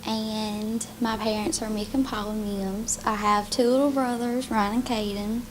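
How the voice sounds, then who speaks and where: A teenage girl with a Southern accent, speaking sweetly and softly as a guest on local TV. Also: mid-range voice, flat delivery, a little slow, background noise. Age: teens. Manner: sweet, soft-spoken. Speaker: student guest.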